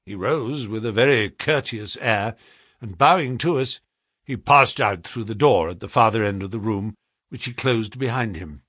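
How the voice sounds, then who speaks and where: A man's voice: fairly low pitch, normal speed, a bit bright, husky, dry recording. A man reading a story aloud as narrator, telling it in a dramatic, tension-building manner on a close dry mic. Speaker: audiobook narrator. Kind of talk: scripted narration.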